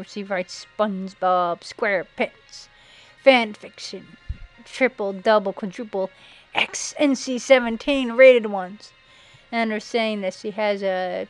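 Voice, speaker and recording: A woman giving sarcastic, mocking commentary over a slideshow, now and then breaking into shrill put-on voices. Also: rough recording. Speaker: video narrator. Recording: faint background music.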